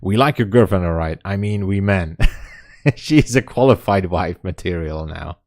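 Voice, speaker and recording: A man's voice: low-pitched, a little slow, darkish tone. A man with a Hungarian accent, chatting casually on a live trading stream and laughing often as he answers viewer comments. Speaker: day trading livestreamer. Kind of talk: casual livestream chat. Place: home.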